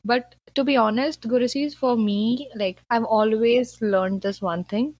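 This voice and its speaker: A woman's voice: on the high side, fairly even intonation, unhurried, darkish tone, no echo. A woman from Punjab, India, speaking as a podcast guest in an earnest, chatty way, full of "like" and "you know". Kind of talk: casual conversational interview.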